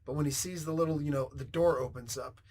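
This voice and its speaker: A man hosting a comic book review, retelling the story in a rambling, excitable way with sound effects and tangents. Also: fairly high pitch, fast talker, slight background noise.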